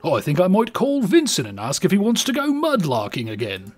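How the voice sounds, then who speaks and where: A man's voice: sits high, wildly swooping pitch, a little fast, faint music behind, voice pushed up, heavily acted. A man voicing an eager male mudlark husband in a bad put-on British accent. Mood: earnest.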